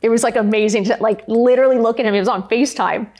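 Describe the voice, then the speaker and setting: Racing along in a slightly high, a little mellow voice with fairly even intonation, this woman in her fifties is a guest on a podcast. In a candid conversational interview, she spins chatty, emphatic stories peppered with "like."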